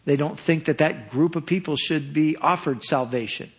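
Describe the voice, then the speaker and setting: A man preaching a sermon, earnest and measured, repeating phrases for emphasis. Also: a little high, breathy edge. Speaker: pastor.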